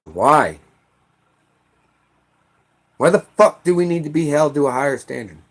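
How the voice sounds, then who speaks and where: A middle-aged American man with a noticeably high-pitched voice rants furiously. He swears constantly and breaks into shouted bursts. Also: lively intonation, a little slow. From United States. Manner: heated, profane, shouting bursts. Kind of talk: angry political rant.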